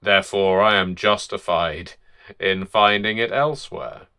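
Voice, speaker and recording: A man voicing a cheating male husband who gives flat, matter-of-fact excuses. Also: lowish voice, a little slow, clear, resonant tone. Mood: defensive.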